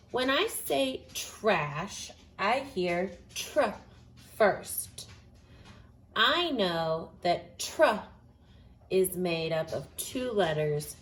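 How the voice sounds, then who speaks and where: A woman teaching a phonics lesson, speaking slowly and carefully and sounding out each word. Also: fairly low pitch, slight background noise. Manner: slow, deliberate, sounds out words.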